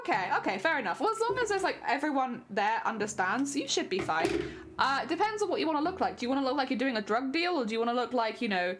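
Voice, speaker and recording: A young woman streaming, chatting casually with her audience, laughing often and trailing off mid-thought. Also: a little high.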